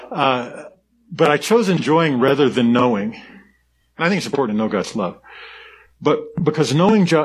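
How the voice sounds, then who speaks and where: A man's voice: medium pitch, husky. A man pastor giving an earnest, conversational sermon, often restarting his sentences. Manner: conversational and earnest, with frequent restarts and soft laughs.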